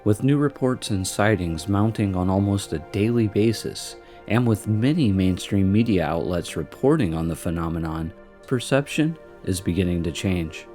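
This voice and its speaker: A man reading scripted documentary narration in a measured, even way. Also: low-pitched, soft background music.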